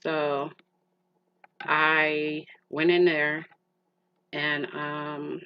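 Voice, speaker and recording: A middle-aged woman with a deep voice hosts a podcast at a very slow pace with a completely flat delivery, recorded in muffled lo-fi with faint hiss. She rambles emotionally through a personal story, restarting often and calling the listener "girl".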